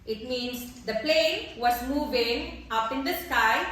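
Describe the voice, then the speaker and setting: High-voiced teacher in an echoey classroom. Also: female voice, slow pace, a bit bright. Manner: checks understanding with repeated questions, switches into Russian and Tajik to explain. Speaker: English teacher. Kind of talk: classroom grammar lesson.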